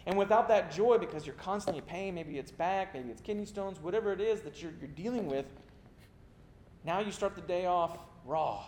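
A man's voice: animated, moderate pace, a little mellow. A middle-aged man preaching a sermon, telling stories with self-mocking asides. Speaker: pastor. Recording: echoey room with faint rumble.

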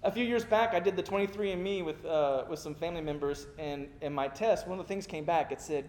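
A man's voice: fairly quick, few pauses, a little mellow. A middle-aged man preaching a sermon, telling stories with self-mocking asides. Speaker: pastor. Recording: echoey room with faint rumble.

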